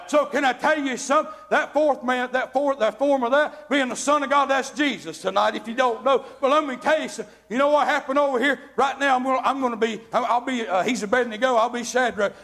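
A man with a very high voice preaches an evangelical sermon, talking fairly quickly with few pauses. He is folksy, calls out to the congregation, and builds up to shouting.

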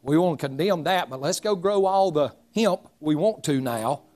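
A man's voice: fairly high pitch, moderate pace, soft background music. Folksy preacher man in his forties. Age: 40s. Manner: folksy, humorous, animated storytelling. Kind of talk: storytelling sermon.

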